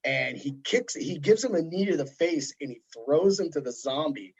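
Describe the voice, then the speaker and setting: A man hosting a podcast, chatting casually in a rambling, animated way. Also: on the high side, moderate pace, breathy edge. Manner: rambling, animated storytelling with put-on voices. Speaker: podcast host. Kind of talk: casual chat. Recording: dull lo-fi sound.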